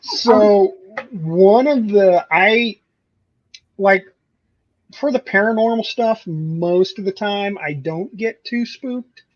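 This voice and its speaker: Slow-talking man on a dull call line. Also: high-pitched. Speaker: podcast guest, paranormal investigator. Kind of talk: casual chat.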